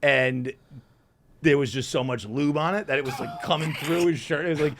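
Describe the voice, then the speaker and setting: Man, podcast guest, casual storytelling, laughing, high yelps in reenactments. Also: normal speed. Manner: laughing through a rowdy story, voice jumping high when reenacting yells.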